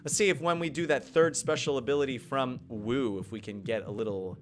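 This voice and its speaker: A man streaming a mobile game live, commentating playfully and excitably while answering his chat. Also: medium pitch, a little fast. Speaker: gaming streamer. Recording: game music behind voice.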